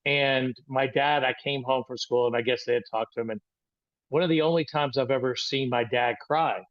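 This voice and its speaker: A man's voice: medium pitch, fairly even intonation, no room sound, highs cut off. Man in his sixties telling a rambling story. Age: 60s. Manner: rambling, halting with frequent restarts. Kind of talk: personal storytelling talk.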